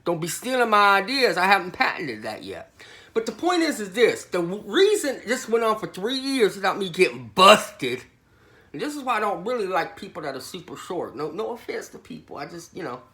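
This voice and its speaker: A man's voice: sits high, very animated, brisk, sharp tone. A man telling a comedic tall tale to camera in a rambling, slangy way, saying "literally" over and over. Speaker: satirical prison storyteller.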